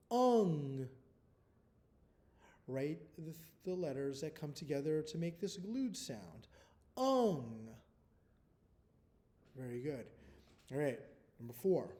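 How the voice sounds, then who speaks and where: A man's voice: a little high, dark tone. A male first-grade teacher giving a recorded spelling test to young children, patient, often checking in with "okay?" after each step.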